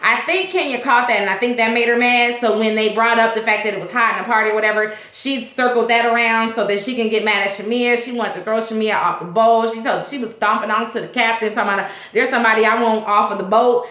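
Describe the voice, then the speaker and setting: A woman's voice: on the high side, steady tone, fast, hardly any pauses, pushed and bright, reverberant. A woman hosting a casual vlog that recaps a TV episode, talking in a rambling, chatty way with lots of fillers. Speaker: TV show reviewer, vlog host.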